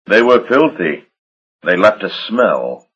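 A man's voice: lowish voice, big pitch swings, fairly bright tone, husky, highs cut off, full character voice. A man voicing Julian, a menacing vampire master. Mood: cold menace. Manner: silky, menacing, unhurried. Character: cold, commanding elder male vampire master.

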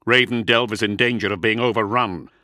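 A man voicing a stern male warrior lord who gives forceful, clipped commands. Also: on the low side, steady tone, a little fast, no echo, studio quality.

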